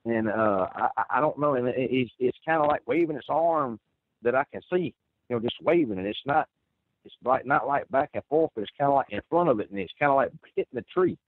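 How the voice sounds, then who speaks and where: A man's voice: mid-range voice, animated, a little fast, dry recording. A man telling a first-person story, rambling and earnest with many restarts. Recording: tinny phone line.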